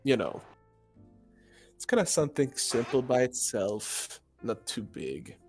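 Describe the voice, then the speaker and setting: Man, mid-pitched voice, hesitant rambling chat, faint music behind. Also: animated, unhurried, darkish tone. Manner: hesitant, rambling, many fillers. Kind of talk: casual podcast chat.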